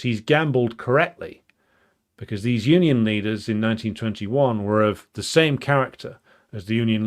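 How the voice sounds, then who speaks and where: Speaking unscripted on political history, this commentator has a lowish male voice. He works through ideas out loud, full of ums and restarts, in a blunt and emphatic way.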